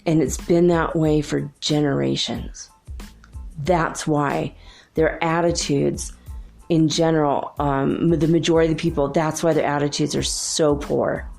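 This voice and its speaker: A woman's voice: deep voice, flat delivery, unhurried, creaky, darkish tone, faint music behind. A woman from Minnesota hosting a casual spiritual monologue, rambling and chatty with frequent laughs. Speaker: spiritual channel host.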